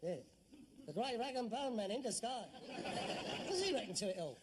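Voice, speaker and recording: Acting in a 1970s sitcom, a man plays a sarcastic grown son with a scornful, mocking, exasperated manner. His very high-pitched voice has lively intonation at a moderate pace, with a little hiss or hum.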